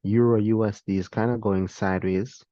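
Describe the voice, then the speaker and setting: A man explaining a trading strategy to viewers in a relaxed, talkative way, addressing them directly. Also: lowish voice, normal speed, no room sound, highs cut off. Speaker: trading instructor. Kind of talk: screen-share trading lesson.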